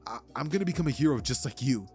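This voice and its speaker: A man's voice: medium pitch, lively intonation, rapid-fire, darkish tone, soft background music, lightly acted. A man voicing a timid, nerdy teenage boy who stammers and apologizes eagerly. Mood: earnest. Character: timid nerdy teen boy with hidden power.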